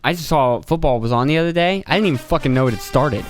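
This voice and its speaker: A man's voice: fairly high pitch, fast, soft background music. Swearing man ranting on a podcast. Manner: ranting, swearing, acts out quoted voices. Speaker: podcast host. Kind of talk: solo podcast rant.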